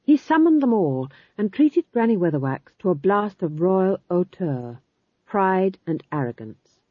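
A woman narrating an audiobook in an expressive, wry reading style. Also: mid-range voice, a little slow, no room sound. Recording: slightly dull lo-fi recording.

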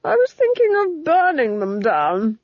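A woman's voice: high-pitched, huge pitch swings, no room sound, dull audio, pitched above the performer's own voice, full character voice. Woman putting on a haughty, ruthless duchess. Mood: scornful. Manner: scornful, commanding, drawn-out delivery. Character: cruel imperious large noblewoman, a duchess.

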